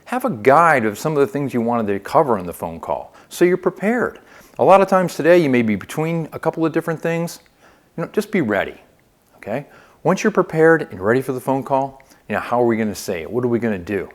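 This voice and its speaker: A man with a mid-range voice speaks briskly as he teaches phone sales. He's an upbeat coach with lively inflection who frequently checks in by saying "okay?"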